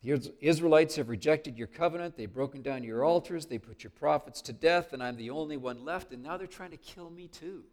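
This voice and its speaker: A worn-down prophet speaking quietly and earnestly, as a preaching man reads him. His tone is subdued and searching, closer to a plea than a complaint. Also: a little high, brisk, hardly any pauses, pitched above the performer's own voice, natural voice. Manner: subdued, pleading. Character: weary man prophet seeking balance.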